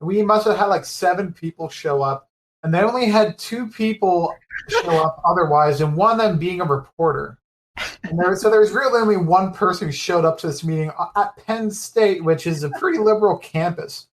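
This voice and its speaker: A man's voice: high voice, normal speed, slight background noise, low-quality recording. A young man co-hosting a casual talk show, explaining things hesitantly with many fillers. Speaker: podcast co-host. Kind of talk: casual chat.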